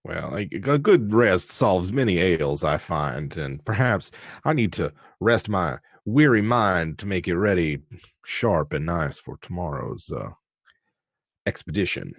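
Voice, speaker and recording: A man speaking slowly in character as a player at a tabletop game. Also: low-pitched, big pitch swings, creaky, slightly rough, no echo, clean studio sound.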